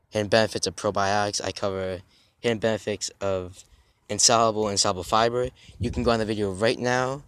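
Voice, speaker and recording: Rambling young man vlogging outdoors. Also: on the low side. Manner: halting, restarts often, drifts off topic. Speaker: fitness YouTuber. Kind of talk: rambling casual vlog talk.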